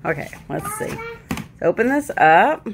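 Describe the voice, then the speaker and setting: A woman's voice: mid-range voice, huge pitch swings, measured pace, a little hiss or hum. A woman filming her dog and toddler at home, laughing often and talking to them in a sing-song voice. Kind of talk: casual home video chatter.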